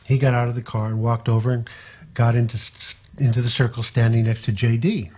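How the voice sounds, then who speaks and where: An older man, a former tour manager, telling personal anecdotes in a relaxed, halting way. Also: mid-range voice, breathy edge, highs cut off. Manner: relaxed, halting storyteller with fillers.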